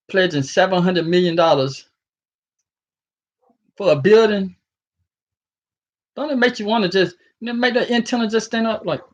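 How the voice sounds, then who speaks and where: A sleepy man rambling casually to his viewers from home, chuckling often and talking in slang. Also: sits high. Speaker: vlogger. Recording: muffled lo-fi recording.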